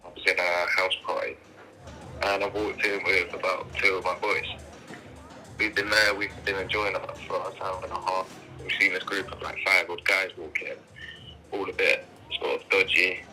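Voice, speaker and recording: A man's voice: low-pitched, little pitch movement, normal speed, pushed and bright, soft background music, low-quality recording. A young man telling his own story in a documentary interview, blunt and swearing freely. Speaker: interviewee, knife attack survivor.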